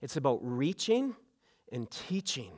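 A man's voice: medium pitch, sing-song, measured pace, darkish tone. A middle-aged man from Canada preaching a sermon, earnest, often repeating words as he starts a sentence. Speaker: pastor.

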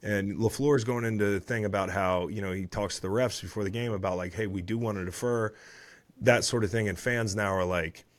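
A man's voice: fairly low pitch, fairly quick, hardly any pauses. A man in his thirties, a former football player hosting a podcast, recapping the week's games in casual chat with swearing and rambling asides.

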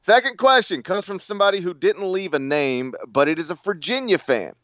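An American man co-hosting a sports podcast, his voice sitting a little high and swinging widely as he jokes and laughs through quick restarts. The sound is dry and slightly dull, like a modest home setup. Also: animated, a bit bright, no echo. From United States. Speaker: podcast co-host. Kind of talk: casual sports podcast banter.

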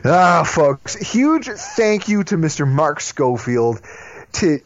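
A man's voice: fairly high pitch, slow pace, a little hiss or hum. A man hosting a sports podcast, chatting casually and teasing his co-host. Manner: animated, teasing. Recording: dull lo-fi sound.

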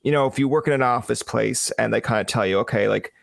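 A man's voice: medium pitch, quick pace, gravelly, dry recording, clean studio sound. A man from Newfoundland hosting a podcast, chatting loosely and jokily with lots of "like" fillers. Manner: loose, filler-heavy, jokey. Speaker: podcast host. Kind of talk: casual podcast chat.

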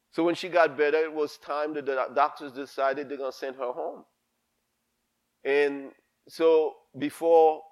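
Pastor, male, high voice, preaches with fire and repetition. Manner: impassioned, emphatic, repeats himself. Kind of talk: sermon.

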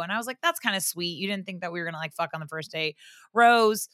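A woman guest on a podcast, chatting casually and telling an animated story, swearing freely and acting out what people said. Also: on the high side, very fast, dry recording, studio quality. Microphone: headphones on, podcast mic.

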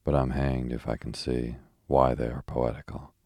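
A man reading the lines of a sharp-tongued young poet, arguing in crisp, pointed sentences. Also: very deep voice, little pitch movement, normal speed, dry recording, studio quality.

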